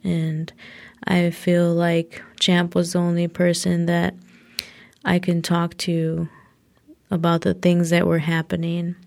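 A woman's voice: on the low side, completely flat delivery, slow, gravelly, a little mellow. A young woman telling a personal story in a casual way, full of "like" fillers.

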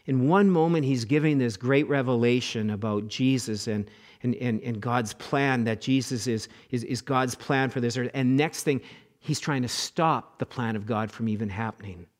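A middle-aged man preaching a sermon as pastor, animated, acting out quoted voices and repeating words as he goes. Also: medium pitch, moderate pace.

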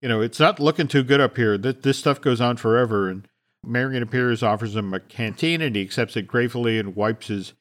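Male podcast host, animated script reader, middling voice. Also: medium pitch, a little fast. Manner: animated storytelling with restarts. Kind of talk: reading a film script aloud.

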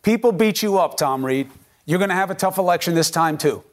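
A man anchoring a cable news interview, pressing his guest in a forceful, argumentative way. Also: sits high, expressive, fairly quick.

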